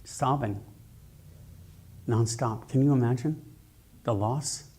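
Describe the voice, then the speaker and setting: A man minister giving a sermon, telling stories in an animated, jokey way, speaking into a mic in a church sanctuary. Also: medium pitch, slow pace, slightly rough. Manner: animated, jokey storytelling preacher.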